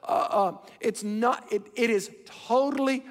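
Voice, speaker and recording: Speaking a little slowly in a very high-pitched voice, a middle-aged pastor gives an emphatic, repetitive sermon, changing pace for emphasis. The recording has hall reverb from the large church sanctuary.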